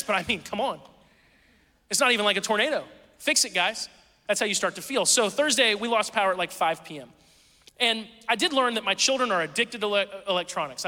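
Bright-voiced male pastor in echoing hall. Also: high voice. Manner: conversational, chatty storytelling with many fillers. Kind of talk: sermon. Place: church hall. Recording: reverberant church hall.

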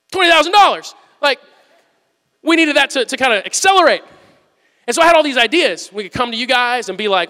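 Animated pastor preaching in a big hall. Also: male voice, extremely high pitch. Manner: animated storytelling, swings from loud and excited to hushed. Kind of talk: sermon. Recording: long hall reverb.

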